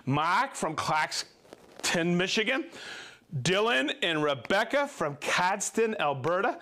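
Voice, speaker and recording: A man hosting a livestream, reading out viewer shout-outs in a playful, jokey way and laughing easily. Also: sits high, sing-song, slow pace. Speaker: host.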